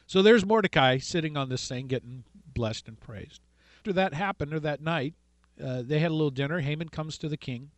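A man hosting a call-in radio talk show, retelling a story with animated delivery and acted-out voices. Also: fairly high pitch, no room sound.

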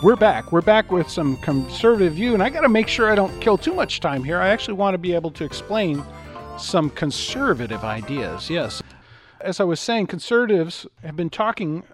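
A middle-aged man hosting a talk radio show, telling stories and acting out the voices in them. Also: fairly high pitch. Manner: animated, acts out voices in anecdotes. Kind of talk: talk radio monologue with storytelling.

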